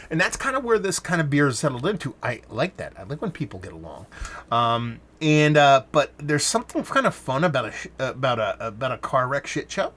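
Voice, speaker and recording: A man's voice: mid-range voice, very animated, fairly quick, fairly bright tone. A man talking casually into a standalone mic, reviewing a beer in a rambling way, stopping and restarting his sentences and swearing now and then.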